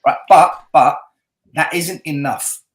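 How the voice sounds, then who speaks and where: A man's voice: a little high, slow, roomy sound. A man on a video call talking football as a panelist, probing and argumentative as he makes his case. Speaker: guest panelist. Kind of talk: casual football chat.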